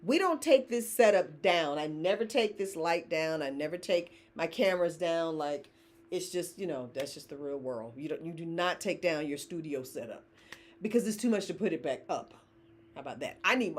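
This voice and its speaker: Middle-aged woman, founder hosting a live sale, very expressive, chatty and laughing. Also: low voice, normal speed. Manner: chatty, laughs often, reads viewer comments aloud. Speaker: company founder hosting live shopping stream. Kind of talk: casual live-stream chat.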